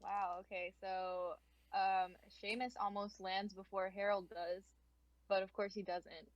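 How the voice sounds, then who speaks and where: A woman's voice: medium pitch, flat delivery, measured pace, dry recording, muffled recording. A young woman narrating a tabletop game as game master, casual and giggly, with lots of fillers.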